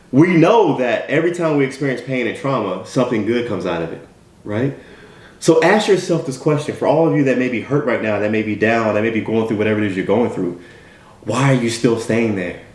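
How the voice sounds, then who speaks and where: A man's voice: medium pitch, lively intonation, brisk, darkish tone. A man giving an emphatic motivational talk, full of repeated rhetorical questions. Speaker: motivational speaker. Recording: echoey room.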